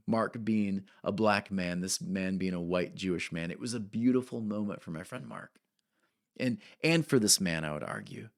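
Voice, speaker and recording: A man's voice: fairly low pitch, moderate pace. A man preaching a sermon as a pastor, talking in a conversational way and often checking in with "right?" between points.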